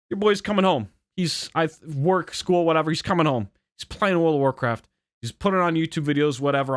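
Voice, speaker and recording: A young man rambles through a story in an animated rant, jumping between high and low pitch. His voice is mid-pitched and recorded dry and close, with no room sound. He swears casually and keeps correcting himself. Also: no echo. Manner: frequent fillers and self-corrections. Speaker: channel host.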